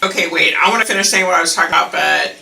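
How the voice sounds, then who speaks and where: A woman hosting a psychic livestream, chatting casually with viewers and laughing often; her voice sounds unusually deep through the mic. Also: racing, creaky, pushed and bright, reverberant, distant mic, low-quality recording.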